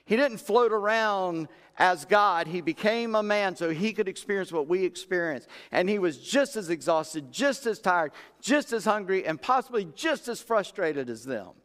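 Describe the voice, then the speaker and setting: A man's voice: sits high, animated, normal speed, hardly any pauses, a bit bright. A man preaching a sermon in a folksy, conversational way, acting out Bible characters in everyday talk. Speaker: pastor. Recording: long reverb of a large room.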